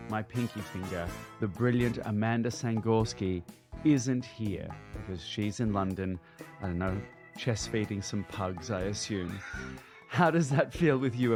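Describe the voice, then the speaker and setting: A man with a lowish voice hosts a podcast, with dry teasing jokes. Faint music plays behind him. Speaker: podcast host. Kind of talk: casual podcast chat.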